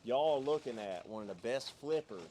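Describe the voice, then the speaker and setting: A man's voice: mid-range voice, lively intonation, a little fast, warm tone, a little hiss or hum. A man cutting into the video to hype up his friend, teasing and slangy.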